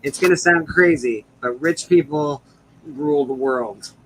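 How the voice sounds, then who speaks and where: A man's voice: on the high side, unhurried, a little hiss or hum, rough recording. A Canadian man co-hosting a podcast, chatting casually with wry, self-deprecating asides. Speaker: podcast co-host. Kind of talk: casual chat.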